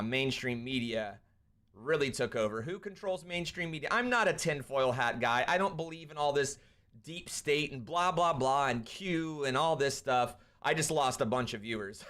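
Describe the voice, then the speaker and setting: A young man hosting a live stream, ranting and commenting on a clip, swinging between loud outbursts and quieter asides. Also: medium pitch. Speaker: streamer host.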